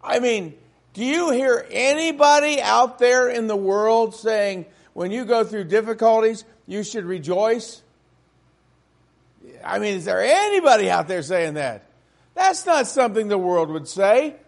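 Very high-voiced man preaching a sermon. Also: animated, a little slow, creaky. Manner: emphatic, with rhetorical questions to the congregation.

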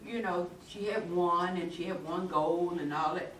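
A woman's voice: fairly low pitch, moderate pace. A woman talking earnestly and emphatically in a casual faith discussion. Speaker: church discussion participant. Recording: echoey room, mic far off, faint noise.

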